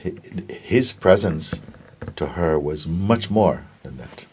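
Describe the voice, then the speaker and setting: Guy with a super deep breathy voice, calm spiritual teacher telling old stories, keeps saying you see. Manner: gentle, unhurried, keeps asking "you see?". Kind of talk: spiritual talk with storytelling.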